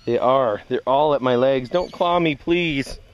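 A cat owner talking casually while filming kittens outdoors on a handheld camera, cooing and calling them in a high sing-song voice. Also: a little slow, highs cut off. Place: outdoors in a yard. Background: kittens meowing.

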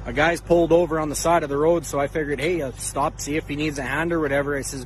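Man, agitated roadside rant, slightly high voice, faint traffic noise. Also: fairly even intonation, fast, poor audio. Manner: agitated and cursing. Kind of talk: casual storytelling to camera. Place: outdoors by a roadside.

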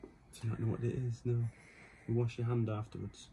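A man softly praising his dogs with doting words in a casual home video. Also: mid-range voice, little pitch movement, fairly quick, a little hiss or hum. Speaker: father filming his pets. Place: bedroom at home.

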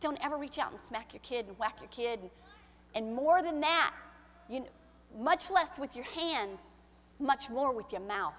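A woman pastor preaching a sermon, swinging from soft, confiding lines to shouted ones and acting out the voices she quotes. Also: sits high, animated, normal speed. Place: church sanctuary. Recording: church hall with long reverb.

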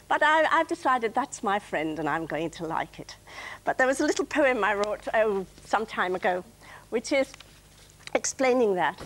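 A woman's voice: mid-range voice, expressive, moderate pace, fairly bright tone. An older woman chatting about gardening and reciting her own comic poems with playful timing as a studio guest. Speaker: dictionary corner guest reading poems. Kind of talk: light chat and poetry reading. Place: television studio.

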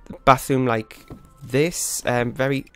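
A man's voice: mid-range voice, fairly even intonation, takes it slowly, fairly bright tone, no room sound, soft background music. Male gaming host, frazzled running commentary, talks in a mid-range voice, dry close sound on a desk mic. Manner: flustered, rambling, self-critical. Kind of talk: live gameplay commentary. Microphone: desktop USB microphone.

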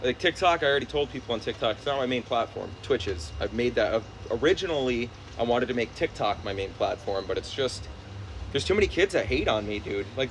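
A man's voice: medium pitch, low-quality recording. A young male streamer in casual, profane chat with friends, telling stories with lots of energy. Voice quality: profane, animated storytelling. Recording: faint background noise.

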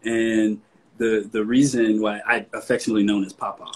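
A man from the American South hosts a relaxed sit-down conversation. His voice is fairly low and a little husky, with a soft Southern accent. He sounds chatty and easygoing, and he livens up whenever he quotes himself. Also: moderate pace, low-quality recording. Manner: relaxed, conversational, animated when quoting himself. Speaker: host. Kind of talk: casual interview.

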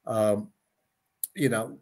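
A man's voice: fairly low pitch, steady tone, drawn-out words, dark tone. A man in his late sixties, a former TV gladiator, telling anecdotes in a casual interview and acting out the voices of the people he quotes. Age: 60s. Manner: chatty anecdotes, acts out quoted voices, frequent "you know".

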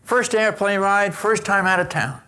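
An older man giving a motivational talk on customer service, an animated storyteller who acts out his anecdotes with punch before a live audience. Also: high voice, moderate pace.

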